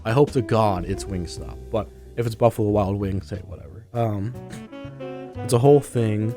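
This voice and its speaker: A man's voice: lowish voice, moderate pace, music in the background. A young man hosting a student radio podcast, short of breath and congested, chatting loosely with many fillers before reading the news. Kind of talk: casual chat, then news reading.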